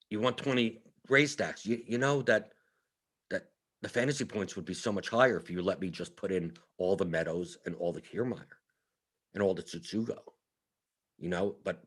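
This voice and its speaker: A man voicing a chatty software optimizer that coaxes and pleads with its user like a person. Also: lowish voice, husky, voice pushed down. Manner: coaxing, then pleading and exasperated.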